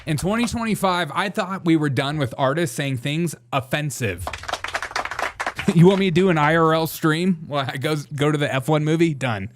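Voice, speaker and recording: A man's voice: a little high, brisk, hardly any pauses, background noise. A man hosting a casual livestream, talking in a sarcastic, mock-outraged way and laughing often. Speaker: livestream host. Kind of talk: satirical casual livestream commentary.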